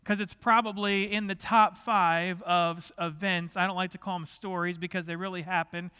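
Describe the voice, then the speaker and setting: A man's voice: high voice, steady tone, moderate pace, sharp tone, clean tone. A middle-aged man preaching a sermon as pastor, talking in a conversational way and joking with the congregation. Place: large church sanctuary. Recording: long hall reverb.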